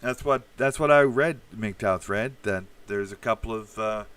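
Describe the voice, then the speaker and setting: A man's voice: on the low side, measured pace, fairly bright tone, clear, resonant tone. A man hosting a rambling political commentary livestream, talking in a meandering way with many fillers and sardonic asides. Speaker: channel host.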